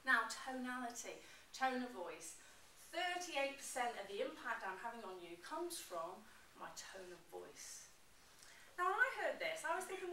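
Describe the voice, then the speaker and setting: An animated woman presenting to a class, her voice fairly high and bright. She is picked up from a distance in a roomy, echoing space. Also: measured pace, a little hiss or hum. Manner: animated, expressive. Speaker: public speaking presenter. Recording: roomy echo, mic from afar.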